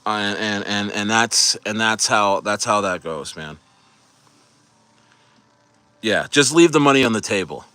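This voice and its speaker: A man hosting a casual crypto livestream, rambling excitedly to his chat and laughing often. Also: on the low side, unhurried, pauses often, clean tone, no echo.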